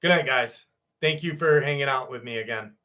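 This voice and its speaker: A man's voice: medium pitch, a little fast, sharp tone. Chatty man signing off a live stream. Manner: loose and chatty, swears and laughs easily. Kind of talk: casual sign-off chat with viewers.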